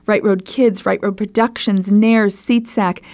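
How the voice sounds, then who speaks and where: A woman hosting a podcast interview, enthusiastic and effusive, agreeing warmly with her guest and thanking sponsors. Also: mid-range voice, steady tone, a little slow. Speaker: podcast host.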